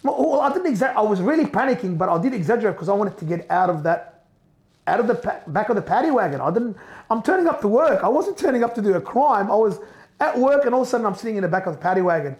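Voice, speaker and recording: A middle-aged man telling an emotional first-person story, animated, repeating and restarting as he goes. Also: sits high, fast talker. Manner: animated, repeats and restarts, acts out quoted voices. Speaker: business owner telling his story.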